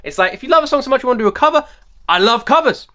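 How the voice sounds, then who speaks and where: A man hosts a music reaction video. He talks quickly in a high, bright voice. He hammers his points home with repeated rhetorical questions. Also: expressive. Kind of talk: excited music reaction commentary.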